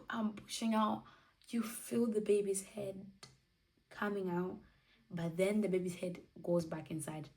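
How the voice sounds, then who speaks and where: A woman's voice: on the low side, darkish tone, recorded from a distance, low-quality recording. A twenty-year-old woman telling a personal story in a candid, emotional way, acting out what she and others said. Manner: candid, emotional, acts out her own quotes. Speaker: vlogger.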